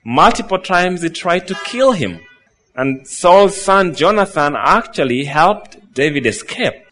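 A man preaching a sermon, reading scripture slowly and then retelling the story with quoted lines. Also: a little high, expressive, sharp tone.

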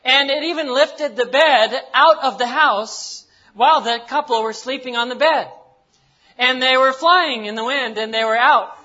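A man's voice: very high-pitched, a little slow, sharp tone, dull audio. A man from the United States preaching a sermon in a folksy, joking way, with simple words and repeated phrases. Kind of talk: sermon with jokes and Bible reading.

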